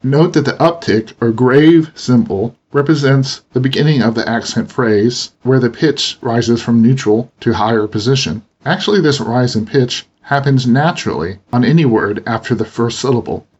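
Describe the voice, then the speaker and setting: A man teaching pronunciation in a steady, explanatory narration. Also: mid-range voice, normal speed, few pauses, husky. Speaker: language teacher. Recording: dull lo-fi voice recording.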